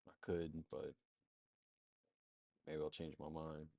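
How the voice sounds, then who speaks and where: Speaking slowly and flatly, this marketing agency presenter has a very low, dark, gravelly yet mellow voice. He rambles through a screen-share walkthrough, thinking out loud and leaning on fillers, recorded dry and close without room echo.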